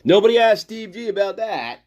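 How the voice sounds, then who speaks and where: A man hosts a livestream and rants at the people he is mocking, swearing freely and breaking into laughter. His voice sits fairly high for a man and jumps all over in pitch. He drops into mutters between outbursts, and the sound is dry with no room echo. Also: sing-song, a little fast, a little mellow. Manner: profane, scornful ranting; frequent laughter, trailing off into mutters. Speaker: livestream host. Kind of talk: livestream commentary reading chat.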